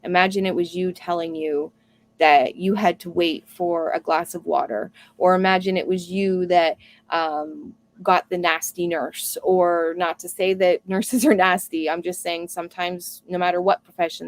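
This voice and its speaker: Chatty woman with a gravelly voice. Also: on the low side. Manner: earnest, chatty, reads viewer comments aloud. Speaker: homestead live stream host. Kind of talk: casual live stream chat.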